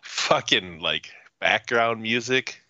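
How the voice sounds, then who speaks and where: A man rants through a casual podcast chat, profane and animated. His voice is bright and forceful. The sound is dry and slightly muffled. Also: fairly low pitch, slow, no echo. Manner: profane, ranting, animated storytelling. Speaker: podcast co-host.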